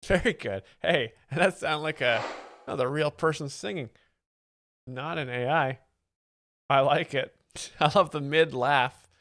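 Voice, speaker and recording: A man's voice: fairly high pitch, a little slow, a bit bright, no echo, soft background music. A man hosting a comedy livestream, rambling and reacting with amusement to the clips he plays. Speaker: livestream host. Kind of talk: casual livestream commentary.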